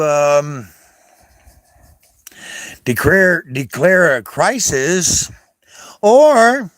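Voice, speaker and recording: A man's voice: a little high, a bit bright, dry recording, studio quality. A man talking to camera in a rambling, casual monologue, swearing and hopping between foreign greetings.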